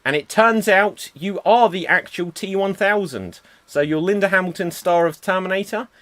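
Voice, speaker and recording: Upbeat male host, a bit higher-pitched, running an improv stream. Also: normal speed, a bit bright, dry recording. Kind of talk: livestream hosting.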